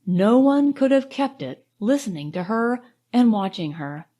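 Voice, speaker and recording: A woman narrating an audiobook in a measured, expressive storytelling manner. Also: a little high.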